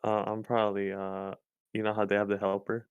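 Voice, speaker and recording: A man's voice: on the low side, monotone, a little fast, clear, resonant tone, dry recording, phone-quality sound. A man co-hosting a podcast, joking in laid-back, chuckling asides. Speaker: podcast co-host. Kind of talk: casual podcast chat.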